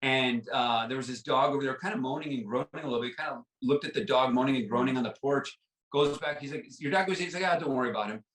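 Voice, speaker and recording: A man's voice: medium pitch, fairly even intonation, fast, fairly bright tone, echoey room, distant mic, poor audio. A man guest in a podcast interview, earnestly telling a personal story and often repeating himself with fillers like "like" and "right?".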